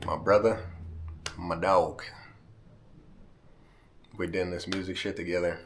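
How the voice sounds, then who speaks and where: A man with a very deep, low voice talks straight to camera in a heartfelt vlog. He is close to tears, his words catch and restart, and he keeps ending lines with "man". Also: level tone, slow pace, slight background noise. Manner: emotional, heartfelt, repeats "man", holding back tears. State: near tears. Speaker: vlogger. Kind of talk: emotional direct-to-camera vlog.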